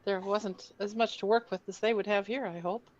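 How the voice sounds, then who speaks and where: A woman playing a tabletop game, talking in a lively, matter-of-fact way. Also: mid-range voice, moderate pace, dull audio. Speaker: player.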